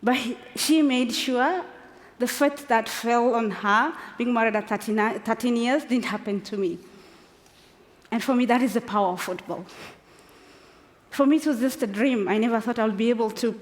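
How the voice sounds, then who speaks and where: A woman's voice: on the high side, normal speed. A woman in her forties from Kenya giving an emotional, unscripted personal speech, passionate and close to tears. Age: 40s. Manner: passionate, emphatic, laughs between phrases. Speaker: speaker. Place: large conference hall. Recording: long hall reverb.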